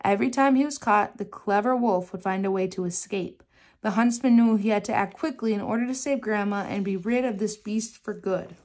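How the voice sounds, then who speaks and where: A woman reading a children's picture book aloud in a gentle, measured storytelling manner. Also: medium pitch.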